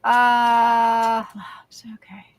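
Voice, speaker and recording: Folksy high-voiced woman. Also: monotone, drawn-out words. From Louisiana, USA. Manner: chatty and folksy, playful greetings, trailing fillers. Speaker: livestream host. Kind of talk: casual live-stream chat, greeting viewers by name.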